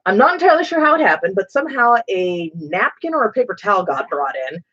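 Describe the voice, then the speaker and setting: Animated woman spinning a casual story. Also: mid-range voice, fast, husky, muffled recording. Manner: animated, expressive storyteller who swears casually. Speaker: streamer host. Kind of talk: casual storytelling while painting.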